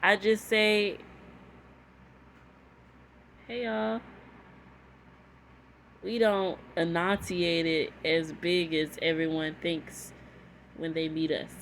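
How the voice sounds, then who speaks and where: A woman's voice: lowish voice, little pitch movement, slow, pauses often, a bit bright, a little hiss or hum. A woman with a Texan accent giving casual reaction commentary in a sassy, unimpressed way. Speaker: reaction video host.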